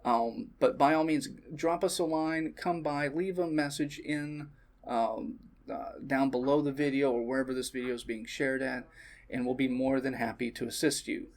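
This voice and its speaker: A man's voice: mid-range voice, fairly even intonation, normal speed. Easygoing man reviewing a product. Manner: easygoing, with frequent ums and uhs. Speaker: vape shop staff reviewing products.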